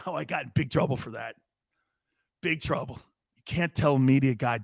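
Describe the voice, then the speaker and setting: A man's voice: medium pitch, brisk, vocal fry, pauses often, no echo, clean studio sound. A brash man in his fifties hosting a sports talk show, chatting casually and cursing freely as he reacts to comments. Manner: brash, profane, laughing between lines. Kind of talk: casual chat reading live comments.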